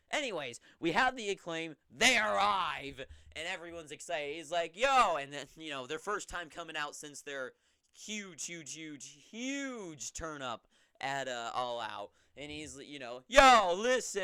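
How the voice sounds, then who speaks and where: A young man hosting a wrestling recap, talking in a casual, rambling, offhand way with sudden excited bursts. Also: medium pitch, clean tone, no echo, studio quality.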